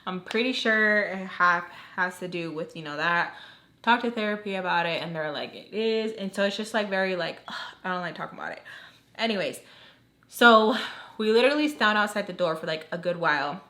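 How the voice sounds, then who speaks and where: A woman's voice: mid-range voice, fairly quick, bright, forceful tone. Chatty young woman telling a story. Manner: chatty, heavy use of "like", acts out quoted lines. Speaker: storytime vlogger. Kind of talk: casual storytelling while doing makeup.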